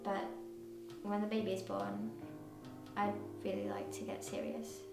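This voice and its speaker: An actress playing an earnest young pregnant woman, speaking softly, recorded from a distance in an echoey space with guitar music. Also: mid-range voice, little pitch movement, unhurried, creaky. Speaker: film character.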